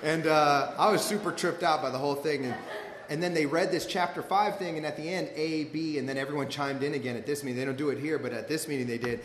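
Stand-up comic, male, Southern Californian accent, slightly high voice, loose rambling delivery, live room with echo and crowd noise. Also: steady tone, fast, fairly bright tone. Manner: loose, rambling, laughs at his own jokes. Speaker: stand-up comedian telling a recovery story. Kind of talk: stand-up storytelling. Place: stage before a live audience. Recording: echoey live room recording.

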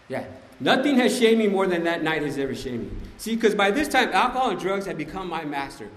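A man's voice: sits high, big pitch swings, brisk. A man giving a conversational, emphatic personal testimony at a recovery meeting, often asking "right?". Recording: echoey hall, faint ambience.

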